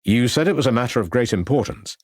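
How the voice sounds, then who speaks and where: A man's voice: mid-range voice, animated, no room sound, studio quality, natural voice. A man playing a polite, methodical middle-aged police inspector. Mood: measured. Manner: polite, measured.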